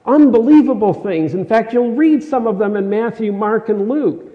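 A man's voice: sits high, expressive, moderate pace. A middle-aged man preaching a sermon in a conversational, emphatic way, repeating his key phrases. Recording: dull sound with long hall reverb.

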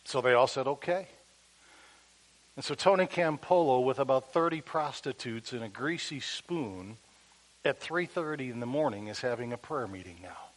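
A man preaching, telling a story in an animated way that drops to a hush at tender moments. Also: mid-range voice, normal speed, rough recording. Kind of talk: sermon storytelling.

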